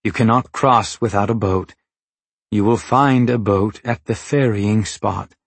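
A man's voice: on the low side, measured pace, vocal fry, breathy edge, no room sound, exaggerated voice. A man voicing a timid male metaphor creature who speaks formally and deferentially, pleading and warning in an audiobook. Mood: cautioning. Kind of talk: audiobook character voice.

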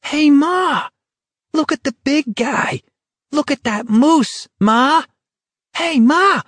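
A man voicing a little boy who yells shrilly from the sidelines. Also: animated, slow, dry recording, full character voice. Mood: excited yelling. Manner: shrill, squealing shouts. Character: little boy yelling from a crowd.

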